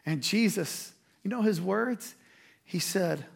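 A man's voice: sits high, measured pace, vocal fry. A man preaching a sermon as a pastor, in a conversational, emphatic way with quoted asides.

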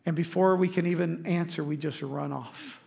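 A man, preaching a sermon as pastor, telling lively stories to the congregation and acting out quotes. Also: a little high, normal speed, gravelly.

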